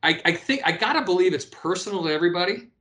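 Speaking very fast in a high, pushed, bright voice with lively intonation, a fifties-aged former pro athlete guests on a casual interview. His storytelling is animated, full of restarts and repeated words.

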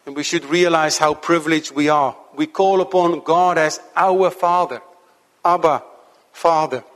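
A man preaching a sermon to his congregation in an earnest, measured way, slowing down to stress key points. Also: fairly high pitch, a bit bright, in a large hall. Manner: earnest, measured preaching with slow emphatic stretches.

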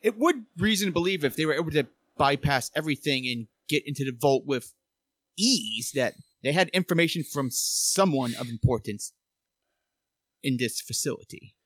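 A man's voice: a little high, animated, moderate pace, fairly bright tone, dry recording. A man voicing a composed, wry male adventurer with formal phrasing in a tabletop game.

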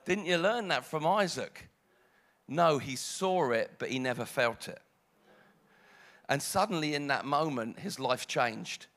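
A man's voice: a little high, animated, measured pace. British man preaching, dramatic swings. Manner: dramatic, swings from hushed to loud. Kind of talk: sermon.

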